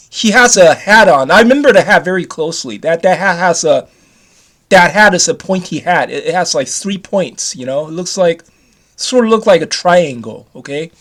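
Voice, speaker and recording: High-voiced rambling man in his fifties. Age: 50s. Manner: repetitive, restarts often, casual swearing. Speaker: vlogger. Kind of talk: rambling personal story to camera.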